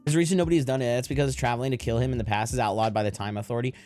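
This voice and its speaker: A man's voice: medium pitch, fairly even intonation, racing, a little mellow, soft background music. A young man live streaming, chatting casually and profanely with his viewers, rambling from joke to joke with frequent laughter.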